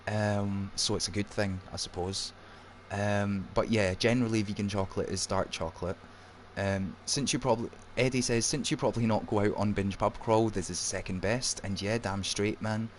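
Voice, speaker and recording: Chatty low-voiced Edinburgh man. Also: steady tone, moderate pace, few pauses, a little hiss or hum. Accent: Edinburgh Scottish. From Scotland (Edinburgh). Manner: chatty, reads out chat with many ums. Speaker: streamer host. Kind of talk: casual live-stream chat.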